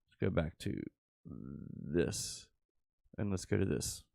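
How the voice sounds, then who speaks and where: Live on his channel, a crypto trader casually walks through his trades and mutters passing comments to himself. His low-pitched, gravelly voice has a dark tone and lively intonation, his pace is slow, and there's no room sound.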